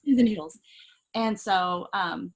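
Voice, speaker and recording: A middle-aged woman with a slightly husky, breathy voice tells a personal story as a guest on a talk show. She is animated and playful, acting out quotes and laughing as she goes, with pitch in a middle range. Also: unhurried, low-quality recording. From Southern California. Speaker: guest, life coach. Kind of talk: casual storytelling.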